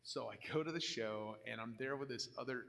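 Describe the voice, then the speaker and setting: A bright, forceful older man on a convention panel, telling candid stories with jokes mixed in. His voice rings out in a hall with a long reverb tail. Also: mid-range voice, fairly quick, creaky. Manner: candid, joking, animated anecdotes. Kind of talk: live panel storytelling.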